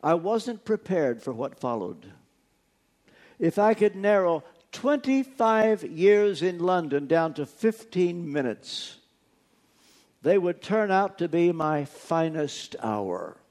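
A man's voice: high-pitched, big pitch swings, slow pace, a little mellow. A man preaching a sermon, telling a personal story earnestly and stressing key words through repetition. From United States.

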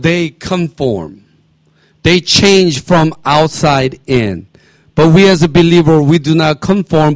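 A man's voice: on the high side, no echo. A middle-aged man preaching a sermon as pastor, emphatic, repeating phrases and asking his congregation questions.

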